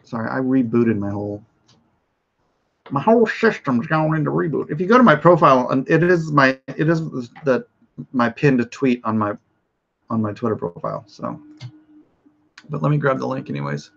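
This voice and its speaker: A middle-aged man hosts a home livestream in a mid-pitched voice that sounds a little off today. He rambles through asides, fillers and restarts, then reads news items aloud. The audio is dull and lo-fi, like a home stream. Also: very animated, moderate pace, creaky, fairly bright tone. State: voice slightly off. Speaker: host of a livestream show. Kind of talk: casual livestream talk and reading news aloud.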